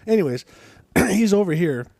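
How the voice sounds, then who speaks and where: A man with a slightly high voice tells lively stories in a relaxed conversation, acting out bits as he goes. The recording is close and dry. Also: normal speed, gravelly, no echo. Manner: animated storyteller. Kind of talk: casual storytelling.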